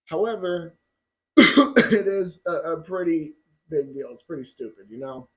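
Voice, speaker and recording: A man's voice: fairly high pitch, lively intonation, a little slow, a bit bright. A man vlogging about firearms in heated, ranting commentary, blunt and profane. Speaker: gun channel vlogger.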